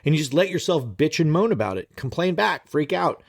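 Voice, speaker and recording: Guy productivity coach vlogging to camera, swears a lot, super animated and kinda high-pitched, talks right at you. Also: brisk, creaky, few pauses. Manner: animated, profane, talks straight to viewers. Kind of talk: casual vlog monologue.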